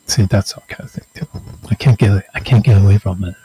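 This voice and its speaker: A man casually signing off his weekly videos in a slow, meandering, self-mocking way, joking that he can't stop sounding sarcastic. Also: lowish voice, steady tone, warm tone, breathy edge, dry recording, poor audio. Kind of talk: rambling casual sign-off.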